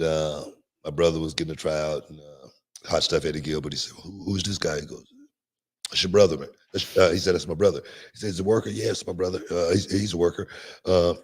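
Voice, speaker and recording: A middle-aged man with a very deep, low voice tells stories on a podcast. He talks in a relaxed, repetitive way, loops back on his phrases and breaks into laughs often. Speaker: podcast host and wrestling promoter. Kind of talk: casual podcast storytelling. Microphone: podcast microphone, remote stream.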